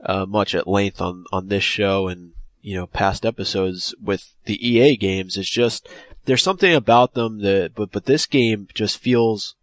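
A man co-hosting a podcast, giving an earnest, drawn-out opinion with small restarts. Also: lowish voice, no echo. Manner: earnest, explaining at length with restarts. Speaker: podcast co-host. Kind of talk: casual podcast chat.

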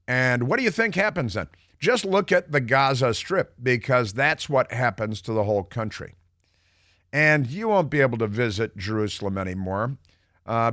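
A man's voice: medium pitch, fairly bright tone, no room sound, studio quality. A middle-aged man hosting a radio talk show, delivering opinionated commentary in a combative, mocking way with sarcastic asides. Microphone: studio microphone.

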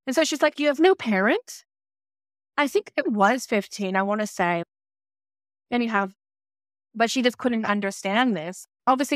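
A woman's voice: mid-range voice, a bit bright, no room sound, studio quality. A woman co-hosting a podcast, telling a personal story in a candid, conversational way and acting out remembered dialogue. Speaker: podcast co-host.

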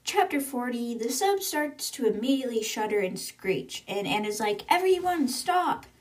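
A woman's voice: a little high, animated, moderate pace. A woman hosting a podcast, casually retelling a book's chapters in a chatty way, often slipping into quotes with "she's like". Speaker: podcast host. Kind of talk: casual book recap. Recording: roomy echo, distant from mic.

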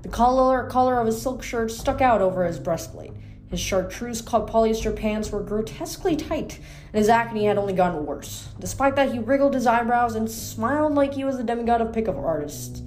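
A woman's voice: fairly high pitch, normal speed, a little mellow, a little hiss or hum. A woman casually reading a novel aloud in a chatty, informal way, sometimes stumbling over words. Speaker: book reader.

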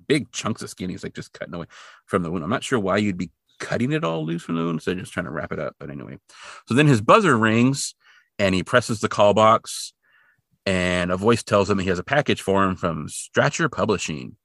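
Lively low-voiced man recapping casually. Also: gravelly, dry recording, clean studio sound. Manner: rambling, quick to put on voices for characters. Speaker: podcast co-host.

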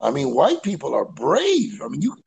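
A man hosts a loose comedy call-in podcast, talking from outdoors. His voice is gravelly and a bit husky, and his pitch swings widely. He stammers and repeats himself and bursts into loud laughs. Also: wildly swooping pitch, moderate pace, poor audio. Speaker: podcast host. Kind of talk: casual comedy chat.

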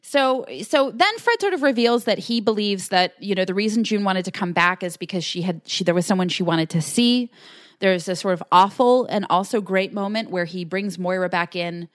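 Recapping an episode as a podcast co-host, this woman acts out quotes and fills the gaps with plenty of fillers. Her medium-pitched voice is expressive at normal speed, recorded cleanly in a studio without echo.

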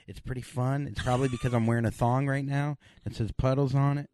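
A man's voice: medium pitch, fairly even intonation, darkish tone, no room sound. A man hosting a comedy podcast, joking crudely and laughing a lot as he chats with a guest. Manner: goofy, crude and quick to laugh. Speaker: podcast host. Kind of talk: casual comedy podcast chat.

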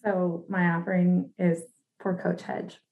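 A woman's voice: fairly low pitch, flat delivery, measured pace, darkish tone, lo-fi sound. A woman co-hosting a podcast in casual chat, chatty and sassy, laughing often and saying "like" a lot. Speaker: podcast co-host.

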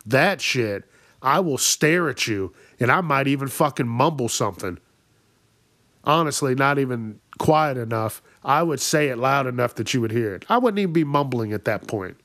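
A man at a mid pitch holds forth in a comic podcast rant, cursing freely and sounding fed up with inconsiderate people. His voice sits close and dry, with no room echo around it. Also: expressive, normal speed, fairly bright tone. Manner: profane, exasperated ranting. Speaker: podcast host. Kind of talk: ranting comedic monologue.

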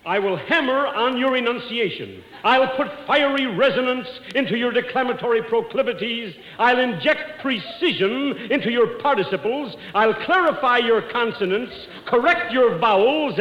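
An actor playing a pompous, grandiloquent bald professor of public speaking in a 1940s radio comedy. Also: male voice, very high voice, lo-fi sound, heavily acted. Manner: pompous, grandiloquent, clears throat. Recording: echoey old radio broadcast.

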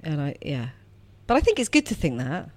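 Chatty woman, low voice. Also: big pitch swings, brisk. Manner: chatty, warm, frequent restarts and self-corrections. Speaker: guest actress. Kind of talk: casual podcast interview.

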